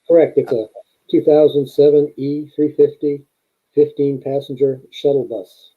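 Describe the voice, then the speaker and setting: A man's voice: a little high, steady tone, measured pace. A man from North Carolina, a guest on a live stream, giving plain, matter-of-fact answers over a call. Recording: tinny phone-like call audio.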